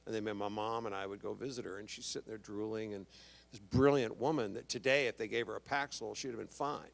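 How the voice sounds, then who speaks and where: Gravelly sixties actor from Texas, loose panel storytelling, mimics others' voices in his anecdotes. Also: fairly low pitch, a little fast. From Houston, Texas, USA. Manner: animated, acts out quoted voices, rambling restarts. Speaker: actor guest at a fan convention panel. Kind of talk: anecdotal storytelling to a live audience. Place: convention stage.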